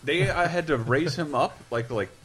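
A man's voice: fairly high pitch, normal speed, loud music behind the voice. A man, a podcast co-host, cracking teasing jokes in casual chat. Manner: joking interjections, teasing.

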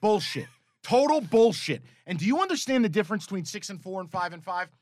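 A man's voice: high voice, lively intonation, rapid-fire, no echo. A man co-hosting a sports betting podcast, telling stories in a profane, exasperated way. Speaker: podcast co-host. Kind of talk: casual sports betting chat.

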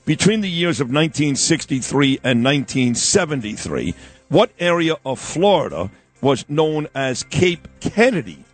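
A brash, profane male radio host who teases and jokes crudely while running a trivia quiz. His voice sits a bit high, with a husky edge, and it swings widely in pitch. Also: sing-song, normal speed, soft background music. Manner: quizzes a caller. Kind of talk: crude joking radio banter.

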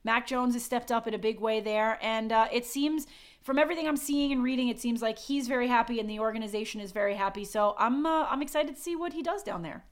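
Playful, slightly high-voiced woman co-host. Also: quick pace. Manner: playful, teasing, chatty. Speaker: podcast co-host. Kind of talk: casual sports chat.

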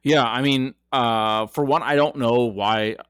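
A man's voice: medium pitch, steady tone, unhurried, fairly bright tone, clean tone, no echo. A chatty man co-hosting a sports podcast, his voice sitting in a middle register. He laughs easily and fills his talk with ums and uhs, recorded dry and close with no room around him. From Colorado area. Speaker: podcast co-host. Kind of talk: casual sports chat.

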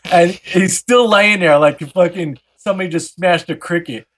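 A man hosting a podcast, telling a wild story in a casual, animated way, swearing freely and acting out every character. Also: sits high, moderate pace, very noisy. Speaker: podcast host.

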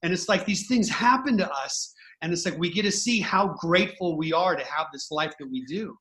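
A man's voice: high-pitched, brisk, fairly bright tone. A man hosting a casual podcast conversation, speaking in an earnest, heartfelt way with run-on thoughts. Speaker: host, musician.

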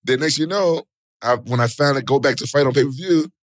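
A middle-aged man, an interview guest, telling stories in casual, slangy talk with animated exclamations. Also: medium pitch, fast, no echo, studio quality. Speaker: interview guest, former fighter and actor.

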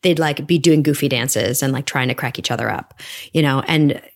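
Woman in her 40s, low voice, thinking out loud in an interview, lots of restarts. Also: normal speed, gravelly. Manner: reflective, animated, many restarts. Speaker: guest, stage actress. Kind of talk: casual interview chat.

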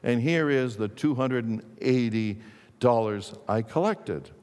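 A man's voice: mid-range voice, measured pace, a little mellow, big-room sound, close to an everyday voice. A man playing a confident professional salesman who boasts about his sales. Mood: boastful. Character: cocky male professional salesman.

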